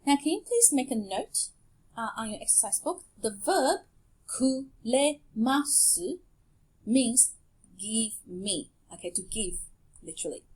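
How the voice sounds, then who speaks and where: A woman teaching a language lesson over slides, speaking clearly and patiently and pausing so learners can repeat after her. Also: fairly high pitch, big pitch swings, a little mellow.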